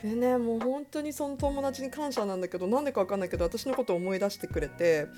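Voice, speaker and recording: A woman radio host telling stories in casual chat, animated and laughing often. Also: on the high side, very fast, soft background music.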